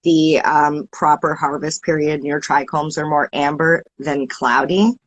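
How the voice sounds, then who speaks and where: A woman with a Canadian accent talks in a casual chat, explaining things eagerly as though teaching. Her voice sits fairly low. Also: steady tone, measured pace. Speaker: guest podcast host.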